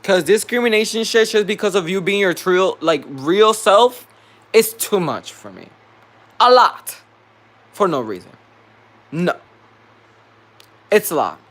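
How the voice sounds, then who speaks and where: Man, vlogger, venting rant, profane, heated, somewhat high-pitched. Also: big pitch swings, a little slow, long pauses, a bit bright.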